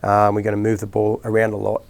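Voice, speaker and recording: A man's voice: on the low side, completely flat delivery, fast talker, gravelly, a little mellow. A middle-aged Australian man, a rugby league coach, telling rambling stories in a casual interview with lots of restarts and fillers.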